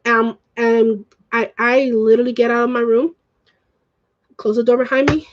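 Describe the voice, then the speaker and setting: A woman's voice: a little high, steady tone, moderate pace, dull audio, slight background noise. A young woman who grew up speaking Spanish, ranting emotionally and swearing in a home vlog. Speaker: vlogger.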